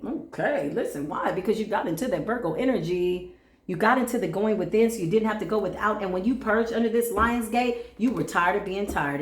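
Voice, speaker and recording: Woman, tarot reader, playful and lively, mid-range voice, roomy echo. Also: mid-range voice. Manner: animated, playful, talks straight to viewers. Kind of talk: casual tarot reading.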